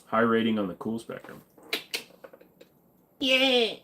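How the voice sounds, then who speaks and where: A man's voice: medium pitch, huge pitch swings, slow pace, background noise. A man in casual live stream chat, reading viewer questions aloud and answering them in a crude, joking way. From Virginia.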